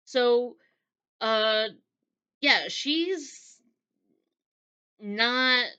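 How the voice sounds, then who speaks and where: A woman's voice: medium pitch, sharp tone, dull audio. A woman who reviews books, chatting in a rambling, casual way and acting out characters' dialogue. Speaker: book reviewer. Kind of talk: casual book review chat.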